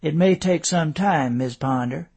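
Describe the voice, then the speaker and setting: A man's voice: a little high, measured pace, gravelly, darkish tone, breathy edge, full character voice. Chatty reassuring doctor, as a man plays him. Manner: reassuring, talkative.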